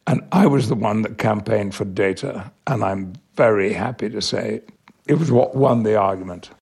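An older man with an English accent, an actor answering interview questions in a measured, emphatic way. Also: lowish voice, vocal fry, husky. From England. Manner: measured, warmly emphatic, slows on key words. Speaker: guest, actor.

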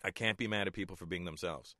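A middle-aged man, a stand-up comedian, telling stories in a relaxed interview and chuckling often. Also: low voice, quick pace, no echo, studio quality. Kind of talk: casual interview talk.

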